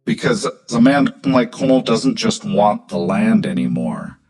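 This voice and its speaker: A man reading the part of an anxious old country doctor in an audio story, breathless and urgent, with a low, steady voice. Faint music sits under the reading. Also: unhurried. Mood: grave.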